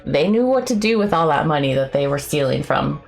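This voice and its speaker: Female streamer, lower register, effusive and excitable casual chatter, faint music under her. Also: fairly quick, vocal fry. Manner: effusive and excitable, gushing with sudden high squeals. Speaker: artist streaming a co-working session. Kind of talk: casual livestream chat.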